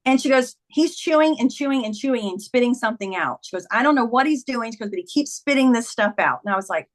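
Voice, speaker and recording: A middle-aged woman with a fairly high voice tells a personal story in an interview. She is earnest and animated, and she acts out the lines of the people in her story as she goes. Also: fast talker. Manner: earnest, animated retelling with quoted dialogue. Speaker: guest, memoir author. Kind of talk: conversational storytelling.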